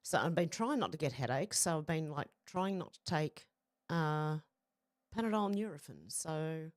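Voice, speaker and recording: Chatty Australian woman host, lowish voice, dry close mic. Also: lively intonation, normal speed, no echo. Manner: chatty, greets viewers by name. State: sore back. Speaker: livestream host. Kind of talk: casual livestream chat.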